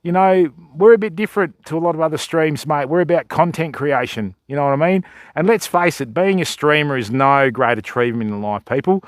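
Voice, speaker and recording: Joking Australian streamer, raised pitch. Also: male voice, brisk, no echo, studio quality. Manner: laid-back, joking, chatty. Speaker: fishing livestreamer. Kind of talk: casual chat with viewers.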